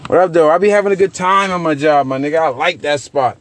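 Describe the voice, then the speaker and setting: A young man, a podcast host telling profane, animated stories with loose repetitions. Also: a little high, fast talker, a little hiss or hum. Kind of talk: casual chat.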